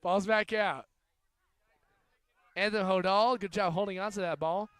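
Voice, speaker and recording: Young male rugby caller, high smooth voice, jokey, builds excitement on big plays, dry close sound. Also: moderate pace, dry recording. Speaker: student play-by-play commentator. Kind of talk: amateur sports commentary.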